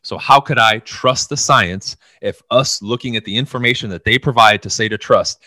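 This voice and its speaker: A man talking in a casual podcast with a bright, forceful tone and a dry, close sound. He is blunt and swears freely, and he keeps acting out little scenes. His pitch sits in the middle. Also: normal speed, no echo. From United States. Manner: blunt, profane, animated storytelling. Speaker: podcast co-host.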